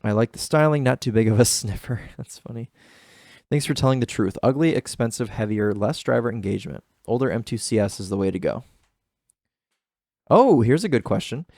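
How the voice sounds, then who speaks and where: A man's voice: mid-range voice, animated, a little fast, gravelly, darkish tone, dry recording, studio quality. A man co-hosting a car podcast in casual chat, rambling and enthusiastic with lots of fillers. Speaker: podcast co-host.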